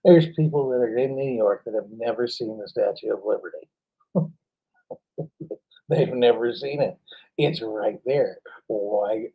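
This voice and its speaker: A man giving an animated motivational talk, telling stories with frequent laughs and emphatic jumps in pitch. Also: unhurried, long pauses, breathy edge, lo-fi sound. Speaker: motivational speaker.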